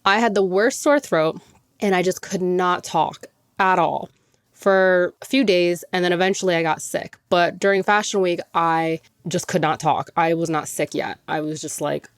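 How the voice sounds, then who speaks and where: A young woman hosts her podcast, chatting casually and laughing often, her speech packed with "like." Her lowish voice is expressive and measured in pace, captured cleanly in a studio with no echo.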